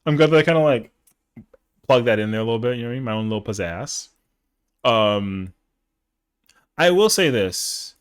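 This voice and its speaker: A man's voice: mid-range voice, animated, moderate pace, pauses often, clean tone. A young man chatting casually on a live stream, rambling in slang with lots of fillers.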